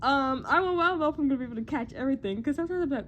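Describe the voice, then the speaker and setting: A young woman chatting casually in a vlog about movie news, excitable and rambling, often self-deprecating and full of "like". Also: high-pitched, quick pace, a little hiss or hum.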